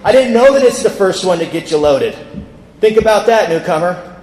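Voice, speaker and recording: Man, higher voice, sharing his recovery story at a convention podium; echoing hall with a long tail. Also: animated, moderate pace, a little mellow. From California. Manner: storytelling, acts out quoted people. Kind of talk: personal recovery story told to a crowd. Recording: echoey hall with long reverb.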